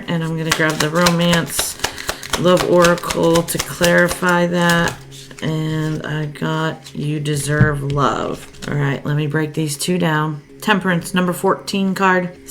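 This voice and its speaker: A woman's voice: on the low side, background noise. A woman giving a casual spoken tarot reading, chatty and thinking aloud, often laughing as she talks. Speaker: tarot card reader.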